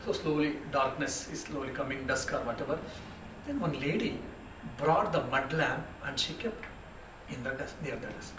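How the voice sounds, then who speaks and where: A monk leads a spiritual retreat, telling stories in a relaxed, conversational way and slipping into the voices of his characters. His voice sits a little high for a man. It reaches the mic from a distance in a roomy, echoing space with faint room noise. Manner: unhurried, conversational, with frequent restarts and asides. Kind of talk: spiritual lecture with storytelling.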